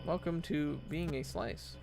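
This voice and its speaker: A young man streams a game while chatting to his viewers. His voice sits a bit high for a man, and he keeps the mood light with groaner jokes and excitable outbursts. Soft music plays faintly behind him. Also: vocal fry. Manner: joking, tells groaner puns to chat; excitable, quick yelps of frustration. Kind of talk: live-stream gameplay chat.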